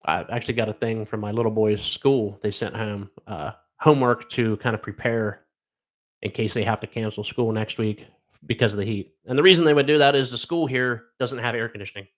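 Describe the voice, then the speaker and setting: A man's voice: lowish voice, brisk. A middle-aged man from Ohio hosting a casual live stream, reading odd news stories aloud and rambling wryly with lots of fillers. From Ohio, USA.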